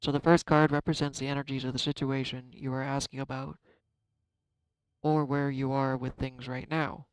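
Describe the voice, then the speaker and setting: A man giving a casual tarot card reading, chatty and self-deprecating, thinking out loud. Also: mid-range voice, flat delivery, normal speed, smooth, dry recording, rough recording. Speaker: tarot reader.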